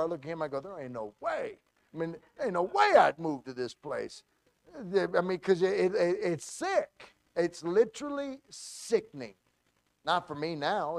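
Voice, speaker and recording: A man pastor telling a story in a sermon, animated and full of restarts and acted-out quotes. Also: fairly high pitch, no room sound.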